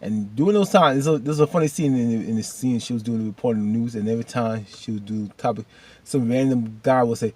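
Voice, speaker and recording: A man casually recapping a TV episode, rambling and animated with loose slang. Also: medium pitch, fairly quick, hardly any pauses, husky. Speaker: video host recapping a TV episode.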